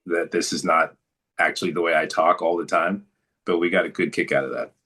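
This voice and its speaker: A man's voice: low-pitched, fairly even intonation, fairly quick, pushed and bright, breathy edge. A man talking as a guest in a casual interview, telling stories in a laid-back, good-humored way.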